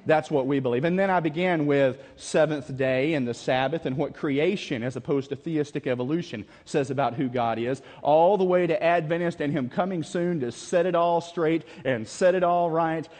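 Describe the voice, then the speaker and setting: A man with a high voice preaches a camp meeting sermon and reads scripture dramatically. He keeps calling questions out to his listeners. His voice rings with the long reverb of a large hall. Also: moderate pace, few pauses, a little mellow. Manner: dramatic, calls out questions to the audience.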